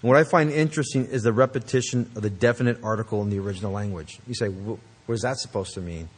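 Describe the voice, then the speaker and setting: A man's voice: fairly low pitch, fast talker, slightly rough. A man preaching a sermon, emphatic and earnest, with conversational asides to the congregation. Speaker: pastor.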